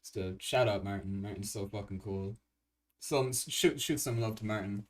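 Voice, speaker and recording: Excitable young man rambling on a livestream. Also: on the low side, normal speed, recorded from a distance. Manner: rambling, excitable, swears a lot, many restarts. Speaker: livestream host and game composer. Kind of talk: casual livestream chat.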